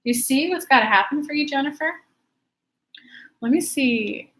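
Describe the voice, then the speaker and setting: A woman with a slightly raised voice coaches her viewers through their questions on a live stream. She is chatty and emphatic, and she talks to each person directly and warmly. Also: high voice, moderate pace. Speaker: law of attraction coach.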